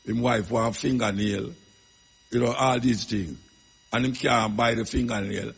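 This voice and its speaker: A Jamaican man speaks on a radio talk show in a gravelly, husky voice. He rambles through stories in patois, leaning on emphatic asides, and a long reverb trails his words. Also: mid-range voice, fairly even intonation, measured pace.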